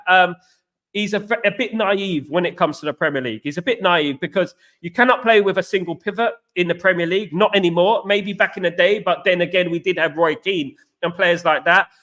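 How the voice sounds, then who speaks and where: Hosting a livestream, a man with an East London accent reads out viewer comments and replies in casual, slangy banter packed with repeated catchphrases. He talks a little fast in a high, bright voice.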